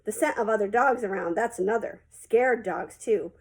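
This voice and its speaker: Breathy woman reading a story. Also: medium pitch, normal speed, low-quality recording. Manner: plain, folksy storytelling. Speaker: audiobook reader. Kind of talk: first-person storybook narration.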